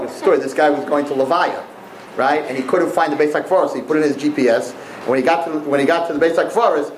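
A man giving a humorous Torah lecture, animated and checking in with listeners with a frequent "right?". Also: on the high side, roomy sound, background noise. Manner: animated, repeats "right?" to the audience. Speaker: religious teacher.

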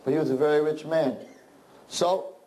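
A man telling a long folk joke to a group, animated, with chatty asides. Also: on the high side, moderate pace, rough recording. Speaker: storyteller.

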